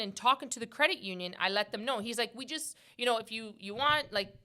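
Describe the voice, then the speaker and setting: Bright, lively woman podcast host. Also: fairly high pitch, a little fast, few pauses. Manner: animated, laughs often, acts out quotes. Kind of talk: casual chat.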